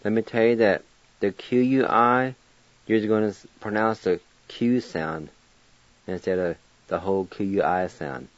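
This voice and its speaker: A man hosting a radio language lesson, spelling each word letter by letter and repeating it slowly and patiently. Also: fairly low pitch, no room sound. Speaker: language teacher on a radio show. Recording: dull, lo-fi radio recording.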